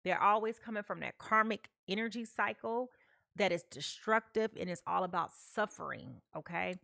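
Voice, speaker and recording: A woman's voice: mid-range voice, normal speed, creaky, sharp tone, no room sound, clean studio sound. A woman giving a live tarot reading, chatty, often checking in with "okay?" and talking to her viewers. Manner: chatty, repeats "okay?" often, talks to chat. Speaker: tarot reader.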